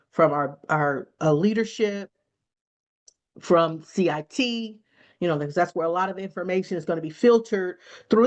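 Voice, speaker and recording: A woman gives a cybersecurity lesson in a relaxed, conversational way. She is animated, acts out short quoted exchanges and laughs often. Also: mid-range voice, highs cut off. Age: adult student. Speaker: cybersecurity instructor. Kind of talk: conversational teaching talk.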